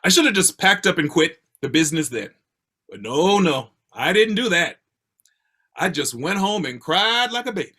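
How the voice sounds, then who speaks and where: An older man from Baltimore telling a personal story with a theatrical, expressive delivery, heard over a video call. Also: moderate pace, husky. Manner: expressive, theatrical delivery with swings in pitch and pace.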